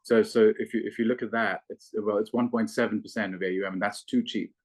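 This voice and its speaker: A man working as a fund manager, explaining investments in a measured, analytical way with frequent restarts. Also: on the low side, fairly even intonation, slight background noise. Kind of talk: investment interview.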